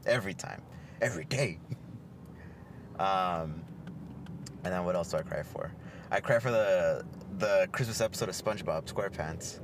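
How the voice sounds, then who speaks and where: A man's voice: low voice, unhurried, long pauses, noisy background. A man co-hosting a podcast, chatting casually, swearing a lot, laughing and telling stories. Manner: profane, laughing, storytelling. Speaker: podcast co-host. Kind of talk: casual chat.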